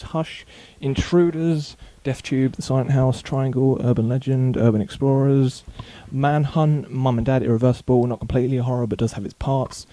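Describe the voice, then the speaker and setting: A man speaks in a very dark, mellow tone, reading through a long list at speed and correcting himself as he goes. The sound is close and dry, recorded at home in his bedroom for a casual vlog. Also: medium pitch, no echo. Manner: rattles off titles quickly with small slips and self-corrections. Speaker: video blogger.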